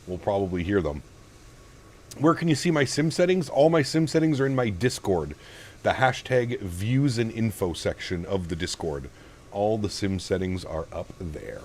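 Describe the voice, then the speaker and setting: A man's voice: on the low side, expressive, moderate pace. A man from Canada hosting a live flight sim stream in a casual way, greeting viewers by name and talking through each cockpit setup step. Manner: greets viewers by name, reads chat aloud.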